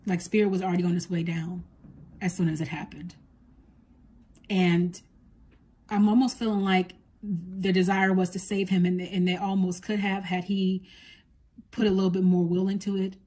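A soft-spoken woman doing a psychic medium reading for her viewers. Her voice is husky and mellow and sits fairly low, with little rise and fall. She passes on a spirit's words in an earnest, gentle way. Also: little pitch movement, normal speed, long pauses.

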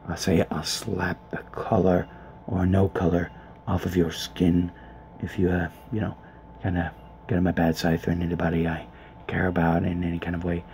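Man, low monotone whisper, profane muttered gameplay commentary from a closet. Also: moderate pace, gravelly. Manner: hushed, grumbling, profane. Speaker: let's player. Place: small closet. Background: faint background noise.

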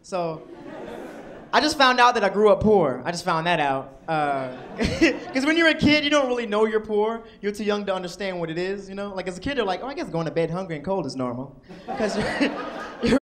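A young man from Washington, D.C. performs stand-up on a comedy club stage before an audience, animated and acting out characters in shouted voices. His voice is high and his pace normal.

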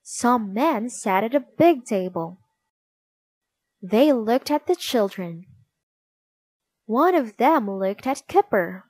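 A woman reading a children's storybook aloud in a slow, expressive way. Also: on the high side, no echo. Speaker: narrator.

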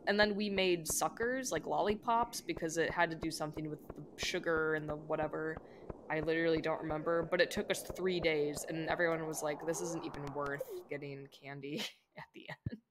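A young woman streamer chatting casually with viewers while playing, rambling with lots of "like" and quick laughs. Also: fairly low pitch, a bit bright, slight background noise. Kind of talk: casual gameplay chat with viewers.

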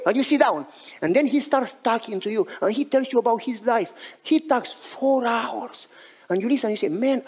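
Animated husky-voiced preacher man. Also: extremely high pitch. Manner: animated storytelling, acting out dialogue. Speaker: pastor. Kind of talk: sermon.

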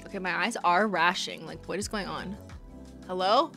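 A woman's voice: lowish voice, normal speed, bright, forceful tone, soft background music. A young woman chatting casually with her viewers while live-streaming a game, giggly and talkative. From Canada. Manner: chatty, giggly, talks to chat.

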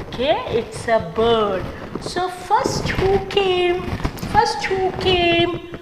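A woman's voice: extremely high pitch, animated, very slow. A woman teaching an English lesson to young children, asking the class questions and spelling words out letter by letter. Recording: echoey room, loud background noise.

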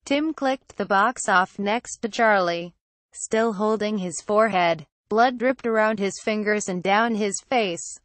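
A woman's voice: mid-range voice, a little slow, no echo. Woman narrating a horror story, dry sound. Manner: steady first-person storytelling.

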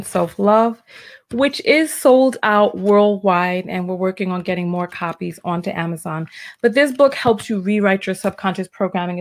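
A woman relationship coach hosting a live stream, chatting and reading posts aloud, sometimes tripping over her words. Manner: chatty, stumbles over words, voices quoted texts with big pitch jumps. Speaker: relationship coach, livestream host. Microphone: livestream mic.

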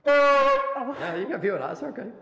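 A man's voice: mid-range voice, expressive, fast, over loud music. A middle-aged man teaching saxophone, chatty and encouraging as he demonstrates sounds to a student. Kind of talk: hands-on music lesson. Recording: roomy echo with faint background noise.

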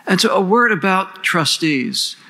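Gravelly, bright-voiced man giving a formal speech. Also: sits high, lively intonation, a little slow, poor audio. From United States. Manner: earnest, rhetorical, lists and questions. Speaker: panel moderator introducing speakers.

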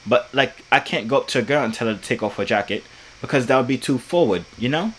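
A young man doing a put-on British accent, chatting with cheeky, crude, deadpan jokes. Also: medium pitch, quick pace, a little hiss or hum, low-quality recording. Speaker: prankster video host. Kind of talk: casual video chat banter.

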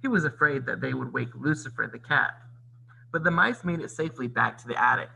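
A man reading a storybook aloud like a teacher, pausing to explain the story. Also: medium pitch, vocal fry, slight background noise, poor audio. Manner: expressive, teacherly. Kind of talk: read-aloud storybook narration with comments.

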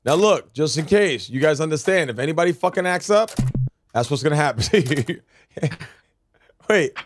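A male streamer chatting with friends during a live game, loud and swearing, often breaking into shouts. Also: on the high side, animated, moderate pace, noisy background. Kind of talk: live gaming stream chat.

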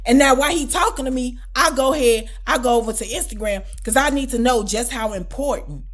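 High-voiced, animated storytelling woman. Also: brisk. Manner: animated, loud and profane, exclamatory. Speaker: storytime vlogger. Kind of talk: casual storytime.

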